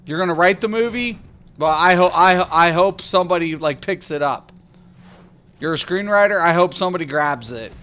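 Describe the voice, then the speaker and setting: A man streaming a game, chatting casually and excitedly with his viewers, with lots of restarts and fillers. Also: high voice, normal speed, clear, resonant tone. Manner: rambling, excitable, talks back to chat. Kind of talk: casual live-stream chat.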